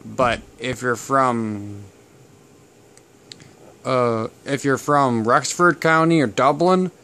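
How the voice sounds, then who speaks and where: A man's voice: medium pitch, slow, bright, forceful tone. A man, from Canada, talking casually to camera about family history in a rambling, digressive way. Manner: rambling and digressive, with many fillers. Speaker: channel host.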